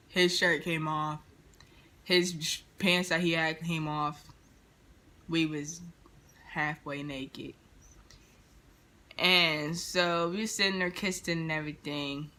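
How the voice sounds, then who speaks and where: Bright-voiced woman telling a storytime. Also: low voice, slow pace, pauses often. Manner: animated, slangy, dramatic storytelling. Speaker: vlogger. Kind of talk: storytime vlog.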